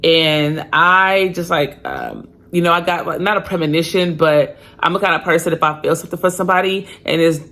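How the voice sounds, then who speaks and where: A woman's voice: on the low side, brisk, hardly any pauses. Candid woman telling her own story. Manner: candid, animated, slangy. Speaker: podcast host. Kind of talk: casual personal storytelling.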